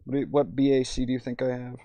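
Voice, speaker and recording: A man's voice: medium pitch, steady tone, racing, mellow, dry recording, lo-fi sound. A young man streaming in VR, tipsy and rambling, swearing freely while reading chat aloud.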